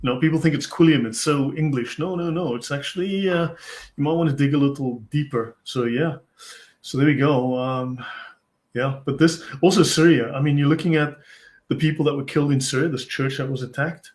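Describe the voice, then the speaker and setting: A man's voice: fairly high pitch, normal speed. A man hosting a casual conversational discussion, rambling and often hedging with "I mean". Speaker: host.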